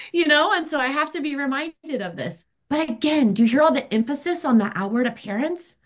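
A woman's voice: sits high, lively intonation, moderate pace. A woman, sharing her recovery story at a meeting in a candid, emphatic, chatty way. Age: 50s. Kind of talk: personal recovery share.

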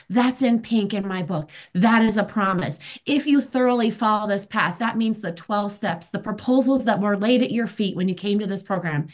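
A woman's voice: mid-range voice, moderate pace, hardly any pauses. A woman, sharing her recovery story at a meeting in a candid, emphatic, chatty way. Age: 50s. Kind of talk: personal recovery share.

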